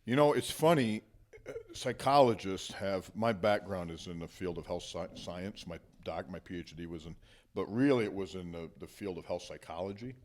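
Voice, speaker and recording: A man hosting a podcast interview, explaining ideas in a measured way. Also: deep voice, lively intonation. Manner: measured, explanatory, gives short listening murmurs. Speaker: podcast host, psychologist. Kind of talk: conversational interview.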